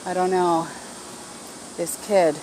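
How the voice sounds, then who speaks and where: Middle-aged woman, garden vlogger, lower voice, casual rambling delivery, faint outdoor hiss. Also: little pitch movement, takes it slowly, mellow, low-quality recording. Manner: rambling and heartfelt, many fillers and restarts. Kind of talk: casual vlog talk.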